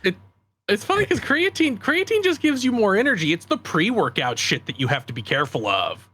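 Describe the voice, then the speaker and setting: A man's voice: sits high, big pitch swings, brisk, sharp tone, husky. A man co-hosting a casual comedy podcast, explaining things in an easygoing, matter-of-fact way. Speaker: podcast co-host.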